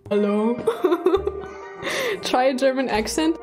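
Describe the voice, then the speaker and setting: A woman's voice: fairly high pitch, expressive, measured pace, darkish tone, soft background music. Giggly woman greeting her stream chat.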